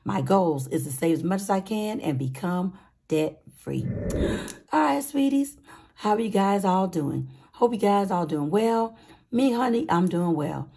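Upbeat raspy-voiced woman vlogger. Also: mid-range voice, a little slow. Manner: chatty, calls viewers sweeties and honey; upbeat, excited. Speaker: budgeting channel host. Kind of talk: casual vlog chat.

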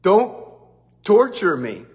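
Frantic whining demons, a man doing them in a high, loud voice; indignant, begging. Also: very animated, takes it slowly, big-room sound, full character voice. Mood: pleading, indignant. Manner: high, loud, protesting whine. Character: frantic pleading male demons.

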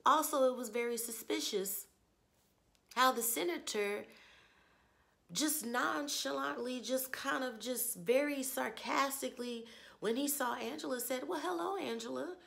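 Woman host with a strained, hoarse voice and a raspy fry, chatty and opinionated, fond of rhetorical questions. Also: high-pitched, measured pace, pushed and bright. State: hoarse, lost her voice. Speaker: TV review channel host. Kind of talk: casual spoken TV episode review.

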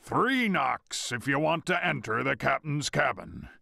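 A man's voice: mid-range voice, very animated, unhurried, vocal fry, sharp tone, dry recording, clean studio sound, exaggerated voice. A man voicing a menacing male ship's cook who growls threats. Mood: threatening.

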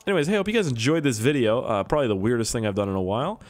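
A young man talks his way through a game in loose, joking commentary, his pitch swinging widely from low mutters to sudden high exclamations. Faint music sits under his voice. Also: animated, racing. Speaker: gaming YouTuber. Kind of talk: casual gameplay commentary.

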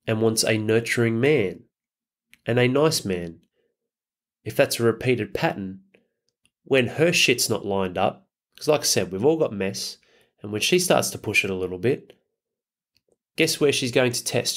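A man hosting a podcast, giving a blunt, profane motivational monologue full of rhetorical questions. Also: medium pitch. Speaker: podcast host.

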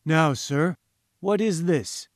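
A haughty scientist , put on by a male audiobook reader, holds forth with grand, patronizing certainty. The voice sits a touch high and the sound is dry and close, as if spoken right into the mic. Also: takes it slowly, no room sound. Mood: pompous, lecturing. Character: pompous, condescending male professor-scientist. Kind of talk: audiobook character voice.

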